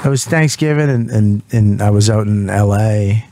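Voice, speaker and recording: A man's voice: lowish voice, normal speed, warm tone. A man co-hosting a radio show, telling a long profane story in a rambling way in a radio studio. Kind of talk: casual radio banter.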